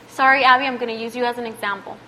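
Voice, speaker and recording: A woman's voice: on the high side, sharp tone, a little hiss or hum. A woman preaching to a youth group, telling a personal story in a conversational way and building to passionate exhortation. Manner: passionate, rising to emphatic exhortation. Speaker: youth speaker. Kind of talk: sermon.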